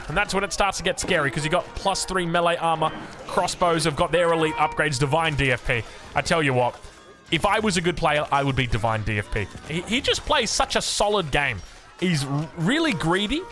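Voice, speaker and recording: Lively Australian man casting a match. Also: fairly high pitch. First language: English. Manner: animated, jokey, self-mocking asides. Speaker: game caster. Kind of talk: esports match commentary.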